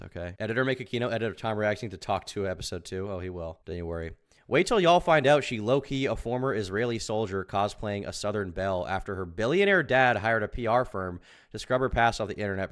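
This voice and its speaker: A young man streaming, reacting to a podcast with rambling commentary and sudden loud outbursts. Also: low voice. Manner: rambling, repeats himself, sudden loud bursts.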